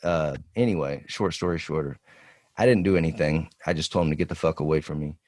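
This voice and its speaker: A man's voice: extremely low pitch, quick pace, dry recording, clean studio sound. A man in his forties, a podcast co-host, telling a long profane story in casual chat. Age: 40s. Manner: profane, rambling storytelling with animated quoted voices.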